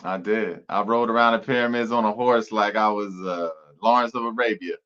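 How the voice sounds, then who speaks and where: A man's voice: on the low side, steady tone, a little fast, a bit bright, muffled recording. A man from New Jersey, a guest actor on a talk show, answering in an easygoing way and laughing along with the host. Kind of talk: casual interview chat.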